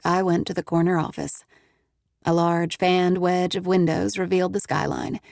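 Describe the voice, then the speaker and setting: A woman reads a first-person romance novel aloud with crisp, measured pacing. Her voice sits in a lower register and the recording is dry and close-miked. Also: darkish tone, no echo. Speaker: audiobook narrator.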